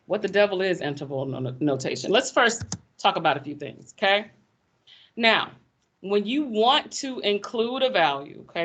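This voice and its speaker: A woman teaching math in a classroom, lively and folksy, teasing her students as she explains. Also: fairly low pitch. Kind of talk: classroom lecture.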